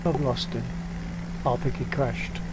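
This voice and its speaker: A man's voice: medium pitch, steady tone, measured pace, heavy background noise. A man in a flight sim trading joking, sardonic banter with teammates over headset chat. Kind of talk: casual gaming chat.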